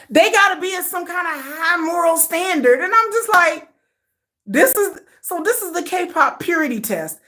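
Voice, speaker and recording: A woman's voice: a little high, a bit bright. An older woman hosting a livestream, talking bluntly and emphatically in casual slang, firing off repeated rhetorical questions at her viewers. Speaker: host. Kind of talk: livestream commentary rant.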